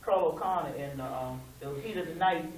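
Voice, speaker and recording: A woman's voice: sits low, normal speed, crowd noise. A middle-aged woman, a local civil rights chapter president, telling stories in a conversational, folksy way at a community meeting and acting out quoted dialogue. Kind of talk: storytelling talk at a community meeting. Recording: echoey room, speaker far from the mic, faint hiss.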